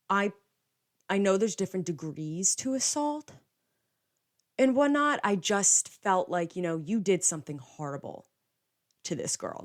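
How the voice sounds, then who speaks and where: Hosting a casual podcast monologue, this young woman has a notably low-pitched voice. Her speech is loose and conversational, full of "like," and she acts out quoted lines as she retells what happened.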